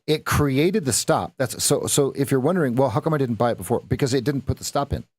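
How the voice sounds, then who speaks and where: A man's voice: mid-range voice, fast, darkish tone, dry recording. A man coaching viewers through live trades on a stream, talking in a rambling, self-correcting way and throwing in playful sound effects. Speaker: trading coach. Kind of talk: live-stream market commentary.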